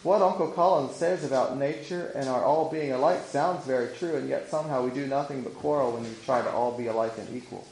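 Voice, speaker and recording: A man's voice: mid-range voice, fairly quick, vocal fry, hardly any pauses, a little mellow, reverberant, a little hiss or hum, lightly acted, rough recording. A man voicing a young, restless female worker bee in a storybook reading, earnest and pleading.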